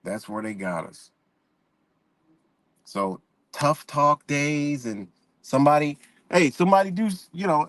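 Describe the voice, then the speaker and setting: A man's voice: fairly high pitch, a little slow, creaky, pauses often, fairly bright tone, no echo. A man hosting a live stream, ranting bluntly in profane street talk and greeting viewers in the chat. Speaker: livestream host. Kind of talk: casual live-stream rant.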